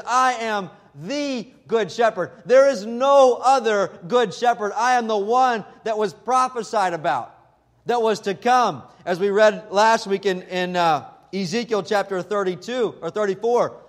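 Male pastor with a high voice, emphatic pulpit delivery, deliberate when reading verses. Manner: emphatic, slows down when quoting scripture. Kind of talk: expository sermon.

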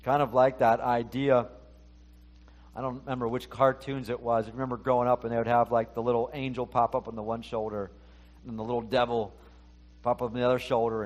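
A man's voice: mid-range voice, flat delivery, a little fast. Man preaching a conversational sermon. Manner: conversational, acts out quoted inner voices. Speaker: pastor.

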